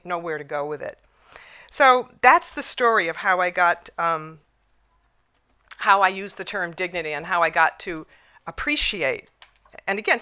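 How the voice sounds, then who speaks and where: A woman's voice: mid-range voice, pushed and bright. A middle-aged woman giving a conference talk about resolving conflicts, telling her story reflectively, with restarts and fillers.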